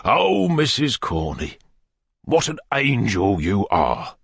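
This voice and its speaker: A man voicing a pompous, amorous middle-aged parish beadle who woos in courtly, wheedling tones that sink to soft murmurs. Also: on the low side, huge pitch swings, takes it slowly, creaky, breathy edge, no echo, studio quality, exaggerated voice. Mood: wooing.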